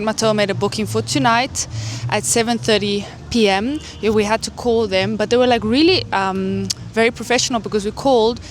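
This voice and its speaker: A woman's voice: a little high, slight background noise. Chatty woman vlogging on a trip. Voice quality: chatty, rambling with frequent fillers. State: hiccuping. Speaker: travel vlogger. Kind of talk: casual travel vlog. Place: city streets and hotel lobby.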